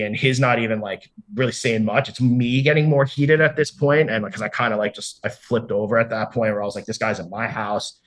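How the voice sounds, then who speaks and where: Here an interview guest, roughly forty, spins a story in a fairly low voice with a fairly bright tone. His delivery is relaxed and profane, heavy with "like," and he performs the quoted dialogue himself.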